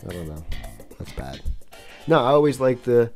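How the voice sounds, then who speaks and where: A man's voice: mid-range voice, very animated, normal speed, a little mellow, soft background music. A man co-hosting a podcast, giving brief, laid-back replies in casual chat. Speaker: podcast co-host.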